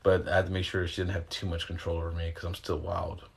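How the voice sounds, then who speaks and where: Deep-voiced man rambling on a livestream. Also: completely flat delivery, fast, gravelly. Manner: rambling, loose and slangy, with mild swearing. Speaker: livestreamer answering viewer questions. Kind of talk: casual livestream chat and guided breathing instruction. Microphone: phone.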